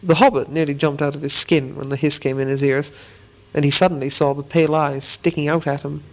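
A man's voice: fairly high pitch, flat delivery. Man reading a storybook aloud. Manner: slow, deliberate storytelling. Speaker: narrator.

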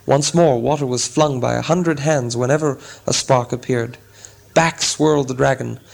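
A man reading a storybook chapter aloud as a narrator, in a measured, dramatic way. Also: medium pitch, fairly even intonation, vocal fry, a little mellow, low-quality recording. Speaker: audiobook narrator. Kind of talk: scripted narration.

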